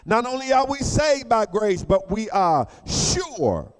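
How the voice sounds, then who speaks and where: A fervent male pastor with a high voice that swings widely from quiet to loud peaks. He preaches colloquially, repeats key phrases and calls on the congregation to answer back. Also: sing-song, slow pace, long reverb tail, a little hiss or hum. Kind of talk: sermon.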